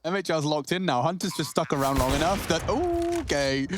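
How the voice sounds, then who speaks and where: A man's voice: on the high side, quick pace, music in the background. Playful male esports color commentator. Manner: playful, teasing.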